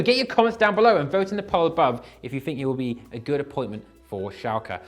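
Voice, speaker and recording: A young Englishman hosting a casual comments show, joking at his own expense and breaking into sudden animated outbursts. His voice sits at a middle pitch. Faint music plays under him. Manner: jokey, self-deprecating, animated bursts. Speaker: host reading viewer comments.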